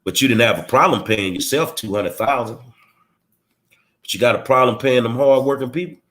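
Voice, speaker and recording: A little fast, with a mid-range, fairly bright voice, a political commentary host rails in a blunt, streetwise monologue, confronting listeners with one rhetorical question after another.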